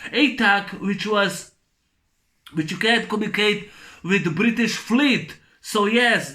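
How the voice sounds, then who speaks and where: A man's voice: extremely high pitch, sharp tone. A man giving a casual spoken film review, rambling and repetitive, ranting with blunt swearing.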